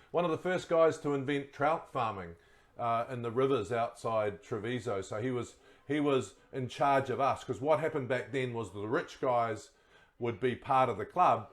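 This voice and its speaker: A middle-aged man, a guest telling relaxed stories in casual chat and laughing at his own yarns. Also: medium pitch, normal speed. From New Zealand. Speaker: guest, former rugby player.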